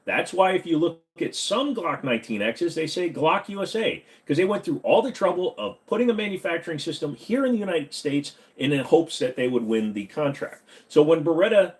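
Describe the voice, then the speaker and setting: A man's voice: a little high, animated, fairly quick, hardly any pauses. A man hosting a casual live stream from his home computer room at a desk mic, answering viewer questions with jokes. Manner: slips into a bad Southern accent. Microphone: desk microphone.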